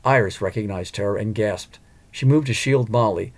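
A man narrating a storybook in a measured, even manner. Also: fairly low pitch. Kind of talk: scripted audiobook narration.

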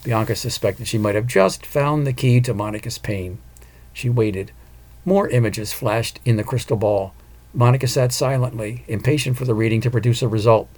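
This male audiobook narrator delivers scripted narration from a novel in a steady, measured storytelling style, his pitch sitting in the medium range.

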